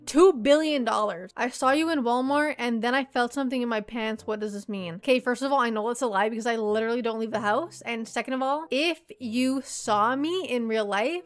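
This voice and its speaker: A Canadian woman in her twenties, a YouTuber bluntly answering viewer questions with lots of swearing and jokes. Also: on the high side. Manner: blunt, profane and joking.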